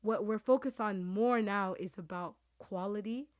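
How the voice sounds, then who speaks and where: A woman's voice: mid-range voice, normal speed, darkish tone. Woman host, earnest and rambling, team-chat podcast. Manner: heartfelt, rambling, many restarts; Muslim phrases woven into speech.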